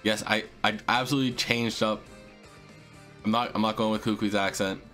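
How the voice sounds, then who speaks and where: A man hosting a video game let's play, excitable and slangy, cursing and talking to his viewers. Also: on the low side, normal speed, soft background music. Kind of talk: casual gameplay commentary.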